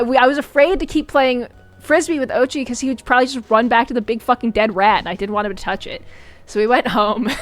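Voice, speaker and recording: A young woman streaming from home, telling a story to her viewers in a casual, animated way, laughing often and breaking into high squeals. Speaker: VTuber streamer.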